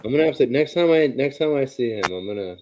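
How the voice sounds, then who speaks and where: A man's voice: medium pitch, lively intonation, quick pace, warm tone, slight background noise, rough recording. A man co-hosting a casual live stream, mostly giving short reactions. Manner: brief reactions and laughs.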